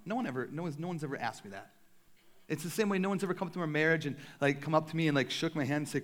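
A young man, a pastor, preaching a sermon in a casual, animated way with self-deprecating humor. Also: on the high side, fast talker.

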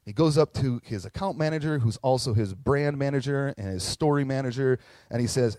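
A man preaching a sermon, telling a story in an animated, conversational way with frequent asides. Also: medium pitch, fairly quick, no room sound, rough recording. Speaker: pastor.

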